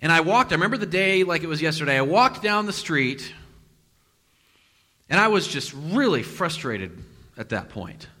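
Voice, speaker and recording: A man preaching a sermon, telling a personal story and acting out the quotes with sudden loud and hushed turns. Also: on the high side, very animated, moderate pace. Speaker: pastor. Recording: long reverb of a large hall.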